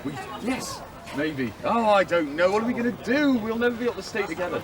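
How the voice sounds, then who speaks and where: A man's voice: high-pitched, lively intonation, a little fast. A man voicing a worried male sailor who stammers and frets over parting from his companions. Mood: fretful. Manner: stammering, fretful. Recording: distant mic outdoors with crowd noise.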